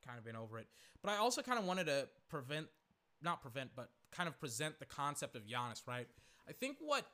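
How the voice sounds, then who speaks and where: A hoarse young man giving casual, rambling live commentary on a basketball game, full of fillers and swearing. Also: fairly high pitch, sing-song, fairly quick, bright, forceful tone.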